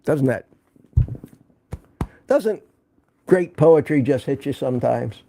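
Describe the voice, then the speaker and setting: A man's voice: medium pitch, lively intonation, slow pace, vocal fry, warm tone. An older man hosting a casual live stream, rambling and joking while recovering from an illness. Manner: joking, rambling, reads viewer comments aloud.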